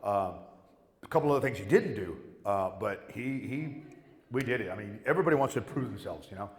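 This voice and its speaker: A man's voice: fairly low pitch, fairly quick. A middle-aged man telling rambling, profane stories as a guest on a convention panel. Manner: rambling, profane, animated storytelling with whoops. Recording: echoey hall with long reverb.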